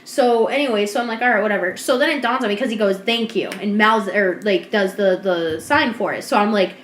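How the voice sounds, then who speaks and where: A woman co-hosting a podcast, telling a story in casual chat, animated and swearing, acting out what people said. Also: medium pitch, a little fast, a little hiss or hum. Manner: animated, swearing, acts out quotes. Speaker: podcast co-host. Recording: roomy echo.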